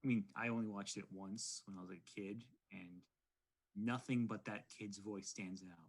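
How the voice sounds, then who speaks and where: A man's voice: fairly low pitch, fairly even intonation, moderate pace, vocal fry. A young man appearing as a guest writer on a podcast over a video call, chatty, opinionated and self-deprecating. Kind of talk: casual podcast conversation.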